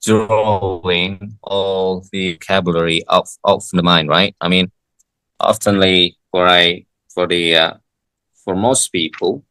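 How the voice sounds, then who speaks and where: A man tutoring English in a casual lesson, talking haltingly with frequent restarts and fillers. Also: low-pitched, steady tone, bright, forceful tone, dry recording, rough recording.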